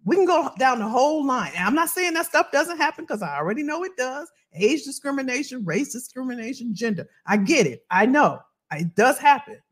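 Animated, high-voiced woman host. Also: fairly quick, hardly any pauses. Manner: animated storytelling, acts out her past gossip. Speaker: podcast host. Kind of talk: candid motivational talk.

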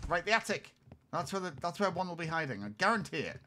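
A young man streaming a horror game with a friend, swearing and yelling when startled. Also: on the high side, very animated, quick pace, heavy background noise. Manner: swearing, yelling in sudden frights. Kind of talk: excited co-op game chat.

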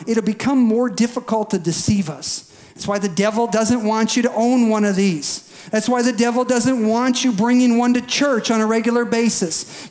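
A male pastor giving a sermon in a conversational, folksy way, at times acting out quick voices to make a point. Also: extremely high pitch, a little mellow. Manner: bursts into acted voices for emphasis.

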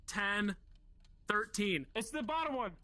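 A man's voice: sits high, animated, a little slow, bright, forceful tone, dry recording. A man in a casual let's-play chat who talks nervously and slips into whiny pleading. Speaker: gaming video creator.

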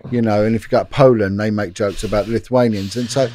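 A middle-aged British man who used to be a police detective tells a long anecdote in a casual interview, restarting often. His lowish voice is steady and mellow, he talks fast, and there's a little hiss or hum.

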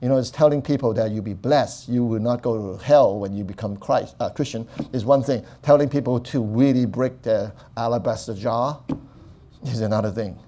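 A male pastor preaching a sermon, talking to the congregation in a conversational way and often asking "right?", then rising to loud proclaiming. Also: mid-range voice, moderate pace. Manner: swings from quiet talk to loud proclaiming.

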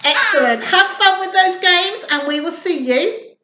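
A woman reads to toddlers in a high, swooping sing-song voice, taking her time over every line. The tone is bright and clear, with a roomy echo around it. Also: animated, a little slow. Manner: warm, sing-song, coaxing. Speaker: children's storytime reader. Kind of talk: reading a storybook aloud to young children.

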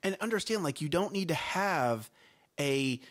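A man's voice: fairly high pitch, unhurried. A man co-hosting a parenting talk show, telling stories with lots of repeated phrases. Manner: animated storyteller, repeats phrases. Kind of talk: casual chat.

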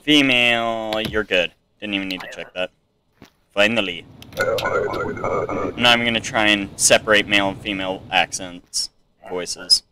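A man's voice: lowish voice, measured pace, long pauses, noisy background. A young man casually commenting on a video game playthrough, reading on-screen text aloud with chatty, joking asides. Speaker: gamer playing through a game.

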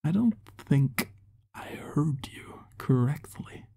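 A power-hungry cult leader, as a male narrator puts him on, speaks in a slow, gravelly drawl full of menace. His mellow, husky tone breaks into furious shouting when thwarted. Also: mid-range voice, lively intonation, exaggerated voice. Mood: cold menace.

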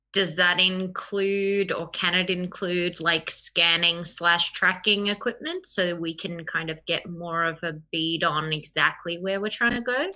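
A woman playing in a tabletop game, eager and quick with questions. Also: fairly low pitch, pushed and bright. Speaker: player. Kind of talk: casual tabletop play.

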